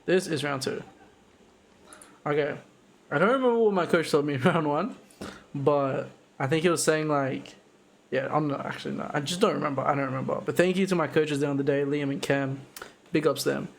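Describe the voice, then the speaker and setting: A young man talks through his own fight footage in a loose, excited way, tossing in slang and punchy sound effects. His voice sits a little high for a man, and he often trips and restarts mid-sentence. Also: a little fast, vocal fry, pauses often. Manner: excited, slangy, full of 'boom' and 'bro', many restarts. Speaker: amateur Muay Thai fighter narrating his fight footage. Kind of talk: casual fight breakdown commentary.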